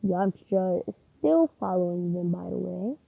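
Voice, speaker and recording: A woman making up a fan story out loud, rambling and hesitant as she thinks of what comes next. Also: fairly low pitch, lively intonation, a little slow, creaky, husky, no echo, narrow, tinny audio. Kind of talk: improvised fan fiction narration.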